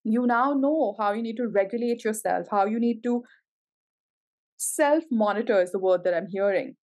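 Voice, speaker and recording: A woman's voice: on the high side, normal speed, a little mellow. A woman giving a tarot reading to camera, gushing and emotional, full of exclamations. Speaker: tarot reader.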